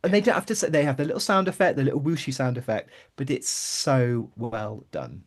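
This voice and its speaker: Male guest co-host, middle pitch, chatty, enthusiastic, rambling asides. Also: expressive, fairly quick. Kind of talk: casual podcast chat.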